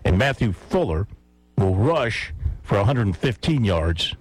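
A man's voice: on the low side, sing-song, measured pace, slightly rough, no echo, soft background music, rough recording. A man hosting sports talk radio, making playful predictions and teasing his caller. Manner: playful, teasing, laughs at his own picks.

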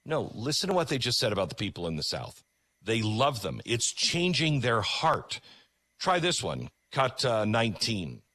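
A man's voice: mid-range voice, big pitch swings, moderate pace, bright, forceful tone. A male host giving emphatic, conversational commentary while introducing video clips.

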